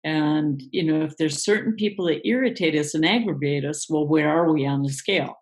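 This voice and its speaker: A woman speaking as a guest coach in a live online interview, explaining in a relaxed way with many fillers. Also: sits low, fairly quick, poor audio.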